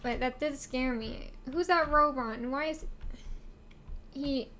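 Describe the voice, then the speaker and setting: A woman's voice: high-pitched, a little slow, bright, forceful tone, a little hiss or hum. A woman streamer giving casual game commentary, rambling and giggly, asking herself questions as she plays.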